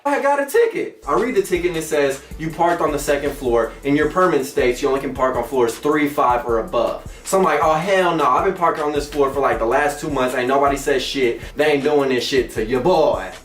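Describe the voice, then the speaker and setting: A young man hosting his own show, telling a funny personal story with animated, squeaky outbursts and playful voices. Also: fairly quick, few pauses, faint music behind. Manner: animated, breaks into squeaky exclamations and mock singing. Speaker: comedic storyteller host. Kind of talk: comedic storytelling vlog. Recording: echoey room, mic at a distance.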